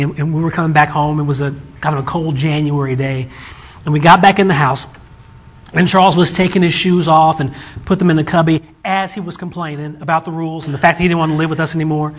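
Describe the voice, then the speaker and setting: A husky, fairly high-voiced man in his forties tells a story about his children, lively and animated. He slips into his kids' voices when quoting them. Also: quick pace. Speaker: father telling a family story. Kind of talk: casual storytelling.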